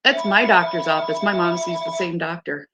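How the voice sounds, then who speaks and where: Woman, fifties, gravelly, lowish voice, chatty, exasperated. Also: moderate pace, noisy background. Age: 50s. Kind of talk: casual chat to a live audience.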